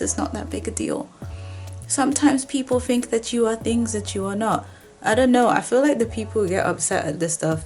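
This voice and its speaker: A young woman from Nigeria talks straight to her viewers in a loose, chatty vlog. She jokes, muses and now and then pops into a squeaky mock voice for imagined commenters, with soft music faintly under her. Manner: chatty, animated, with playful put-on voices of commenters. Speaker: vlogger. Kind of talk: casual talking-to-camera chat.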